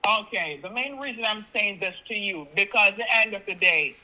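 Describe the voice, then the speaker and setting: A Jamaican-accented man with a high, very bright voice talks over the phone. He repeats his instructions insistently, in broken grammar. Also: a little fast, poor audio. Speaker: phone scammer. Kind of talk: phone call.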